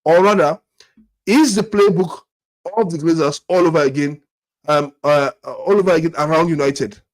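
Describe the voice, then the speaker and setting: A man's voice: a little high, moderate pace. A man hosting a football fan channel, ranting with frustration, often repeating and restarting his words and firing off rhetorical questions. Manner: repetitive, stammering restarts, exasperated rhetorical questions. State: angry and disappointed. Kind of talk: frustrated fan rant to camera.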